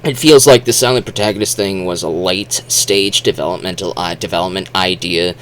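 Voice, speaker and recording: A male video host gives casual spoken commentary in a deep, slightly bright voice at a fairly quick pace. He rambles with restarts and fillers and acts out silly, exaggerated quotes, with a little hiss or hum in the recording.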